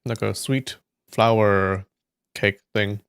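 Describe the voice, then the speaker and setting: Male stream host, unhurried amused musing, dry close sound, middle pitch. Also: steady tone, creaky, fairly bright tone, clean tone, no echo. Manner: musing, amused, trailing asides. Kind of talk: casual chat while tasting snacks.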